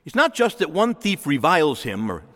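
Man preaching with lively pitch, echoing hall. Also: moderate pace. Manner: animated preaching with acted quotes. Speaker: pastor. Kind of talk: sermon. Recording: long hall reverb.

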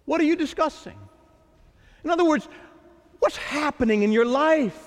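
A man preaching a sermon as a priest, acting out the voices of the Lord and the disciples with lively drama. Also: extremely high pitch, normal speed. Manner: animated, dramatizing the Lord's and disciples' lines. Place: church. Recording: echoey church with long reverb.

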